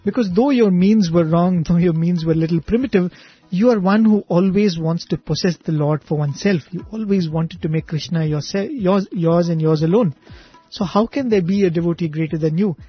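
A man's voice: high voice, normal speed, breathy edge, no room sound. Man telling of a pleading devoted queen. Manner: earnest, pleading. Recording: dull lo-fi recording, faint music.

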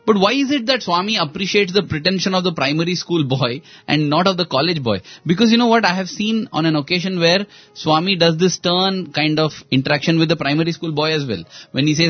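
A man's voice: high-pitched, normal speed, no echo, highs cut off, soft background music. A man, earnestly retelling spiritual parables in a storytelling talk. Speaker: speaker on a spiritual talk show.

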